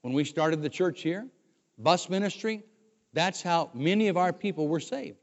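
Heard in a church sanctuary through a dull recording with long hall reverb, an older former pastor preaches at a normal speed in a fairly high voice. He sounds conversational and keeps restarting his words.

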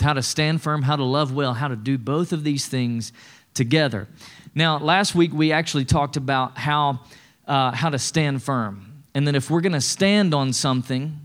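A middle-aged man with a drawl preaching from a church stage. His voice sits a little high, and he keeps it conversational, mixing humor with calls for the congregation to answer back. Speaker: pastor. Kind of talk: sermon.

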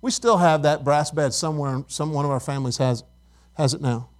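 A middle-aged pastor delivers a conversational sermon, asking his congregation questions and telling stories. His voice is a little high and a little fast.

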